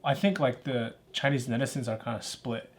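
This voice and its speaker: A man co-hosting a podcast in relaxed casual chat, trailing off with fillers. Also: mid-range voice, normal speed. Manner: laid-back, trailing off, lots of fillers. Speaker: podcast co-host.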